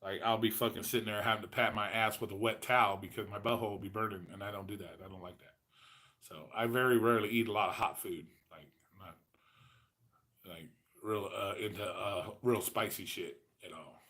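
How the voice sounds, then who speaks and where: A man's voice: fairly low pitch, steady tone, fairly quick, sharp tone. Profane rambling man in his forties. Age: 40s. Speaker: host. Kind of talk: casual livestream chat.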